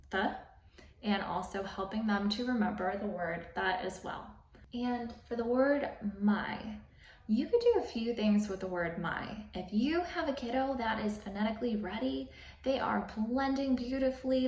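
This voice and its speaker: A woman teacher calmly explaining how to teach sight words, step by step, in a patient, instructional manner. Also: mid-range voice, a little hiss or hum. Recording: roomy, slightly distant mic.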